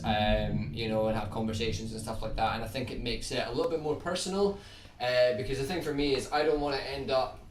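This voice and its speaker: A man's voice: mid-range voice, far from the mic. Scottish man chatting on a livestream. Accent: Scottish, toned down. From Scotland. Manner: relaxed, rambling, restarts words, reads out chat comments. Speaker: guitar YouTuber hosting a livestream. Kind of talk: casual livestream chat. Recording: roomy sound from off the mic, faint background hiss.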